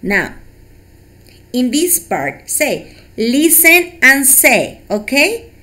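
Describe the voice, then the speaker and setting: Female English teacher, slow patient delivery, animated. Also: high voice. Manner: slow, encouraging, repeats words for pupils. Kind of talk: online class instruction.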